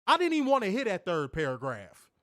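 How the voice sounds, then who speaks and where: Fiery, profane man ranting, high and animated. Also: quick pace, no room sound, clean studio sound. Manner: profane, fiery, repetitive rhetorical questions. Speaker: wrestling podcast co-host. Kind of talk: heated ranting commentary.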